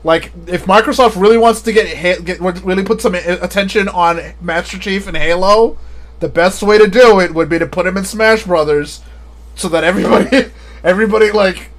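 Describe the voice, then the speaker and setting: A man's voice: sits high, brisk. A man chatting casually on a live stream, rambling and often laughing at his own jokes.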